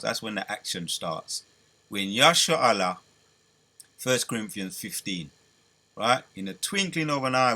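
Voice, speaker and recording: A man delivers an emphatic video sermon, repeating his lines and punching them upward. His voice sits fairly low but sounds bright and forward, with a husky edge. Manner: emphatic, repeats phrases, rising exclamations. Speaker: preacher. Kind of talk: street-style religious video sermon.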